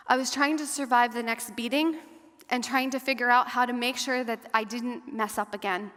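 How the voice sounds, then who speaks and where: Her voice fairly high and her intonation fairly even, a woman testifies earnestly to an audience as a guest speaker and survivor advocate. Long reverb fills the large hall or church, and at hard moments her measured delivery slows and softens.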